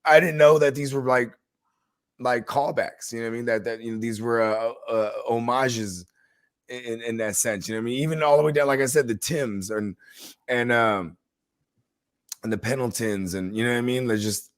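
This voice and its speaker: A man's voice: medium pitch, normal speed, clean tone. A man with a mid-range voice chats easily on a podcast, riffing on culture with a loose, conversational flow. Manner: loose, relaxed, says "you know what I mean" often. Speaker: podcast co-host. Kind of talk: casual chat.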